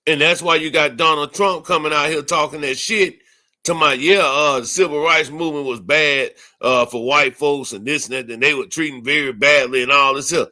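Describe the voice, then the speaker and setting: A man's voice: a little high, fairly even intonation, fairly quick, bright, forceful tone. A man hosting a livestream, ranting angrily with heavy profanity and repeated phrases. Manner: angry, profane, repetitive. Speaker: livestream host.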